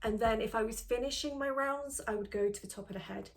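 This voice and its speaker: A woman guides beginners through a tapping routine, calm and reassuring. She explains each step gently and clearly, like a patient coach talking to one person. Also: on the high side, quick pace. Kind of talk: instructional tutorial.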